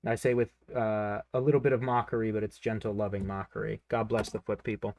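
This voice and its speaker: A man's voice: fairly low pitch, level tone, a little fast, few pauses, dry recording, lo-fi sound. A young man, a cartoonist, chatting casually and rambling with self-mocking jokes while he draws on a live stream. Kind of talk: casual chat while drawing.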